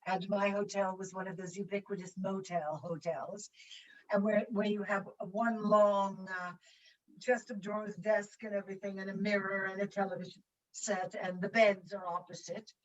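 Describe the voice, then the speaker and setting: An older woman tells a story with lively, playful energy and slips into little voices and sound effects as she goes. Her voice sits at an ordinary pitch for a woman. The audio is muffled and comes from a little way off the mic, like a video call. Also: normal speed, distant mic, slight background noise. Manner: animated storyteller who acts out voices and sounds. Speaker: guest actress. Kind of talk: anecdote in a virtual conversation.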